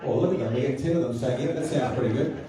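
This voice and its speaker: A New Zealand man, a public speaker, delivers a political seminar speech in a public hall, emphatic and hurling rhetorical questions at the audience. His mid-range voice moves fast, a crowd is audible behind him, and the very echoey hall makes him sound distant.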